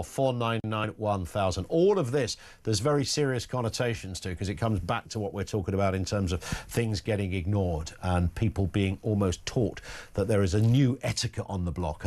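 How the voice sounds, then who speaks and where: Sardonic talk radio host. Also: male voice, on the low side, darkish tone. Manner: rambling, joking, sardonic asides. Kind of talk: opinionated talk radio monologue.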